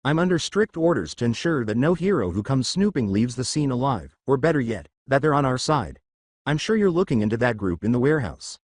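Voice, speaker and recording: A man reading as a smug villain who smiles while he threatens, speaking softly and mockingly. The voice swings up and down, and the recording is close and dry. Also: mid-range voice, big pitch swings, a little fast, no echo. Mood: menacing. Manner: smiling, mocking, soft-spoken threats. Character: smug menacing male villain posing as a waiter.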